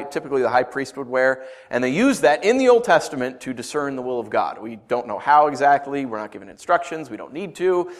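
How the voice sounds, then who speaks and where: Reading from scripture and then explaining it in a relaxed, chatty manner full of asides and jokes, a middle-aged pastor delivers his sermon in a mid-range voice.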